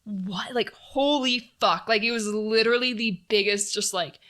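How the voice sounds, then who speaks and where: Young woman guest, bright tone, candid and casual, swears freely. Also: fairly high pitch, moderate pace. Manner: candid, frequent fillers and swearing. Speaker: podcast guest. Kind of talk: casual personal storytelling.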